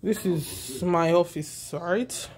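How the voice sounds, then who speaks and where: A woman chatting casually on her vlog, excitable and full of storytelling asides, first from a car and then at home in a small office, recorded on a handheld phone. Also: fairly low pitch, slow. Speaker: vlogger.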